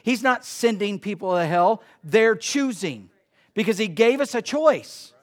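A man preaching a sermon in church, swinging between loud emphasis and quiet asides. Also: high voice, lively intonation, a little slow. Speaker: pastor. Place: church sanctuary.

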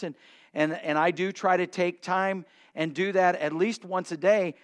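A man's voice: sits high, fairly even intonation, moderate pace. A male pastor preaching a sermon in a conversational way, acting out voices of the people he quotes.

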